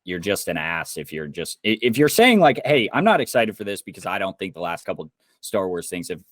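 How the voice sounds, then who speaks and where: A man's voice: low-pitched, very animated, fairly quick, fairly bright tone, no echo, clean studio sound. A young man from Indiana, co-hosting a podcast, ranting heatedly and swearing a lot. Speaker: podcast co-host. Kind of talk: casual podcast chat.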